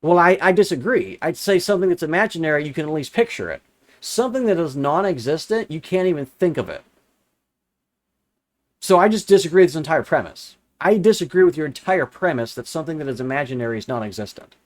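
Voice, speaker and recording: A man's voice: on the high side, animated, quick pace. Exasperated man rebutting comments. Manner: exasperated, sarcastic, repeats phrases for emphasis. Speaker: religious commentator answering comments.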